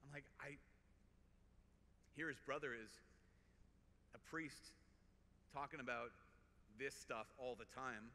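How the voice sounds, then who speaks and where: A man with a Minnesota accent, a priest giving an earnest, conversational talk to a live audience, telling personal stories with quick restarts and repeated words. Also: medium pitch, pushed and bright. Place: large conference hall. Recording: reverberant hall, faint background noise.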